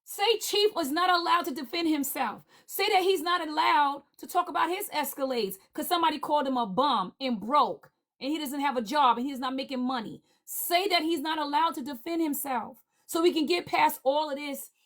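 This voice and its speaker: A woman speaking on a livestream panel in a heated, indignant rant, repeating her demands forcefully. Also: high-pitched, normal speed, hardly any pauses.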